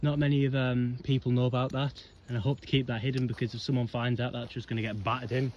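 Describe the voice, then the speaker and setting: A man's voice: mid-range voice, level tone, fast, lo-fi sound. Young man, casual explorer vlog commentary, rambling and slightly out of breath, noisy outdoor mic. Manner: rambling, chatty, frequent ums and whatnots. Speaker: vlogger exploring old mine ruins. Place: outdoors on a windy hillside. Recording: noisy outdoor camera audio.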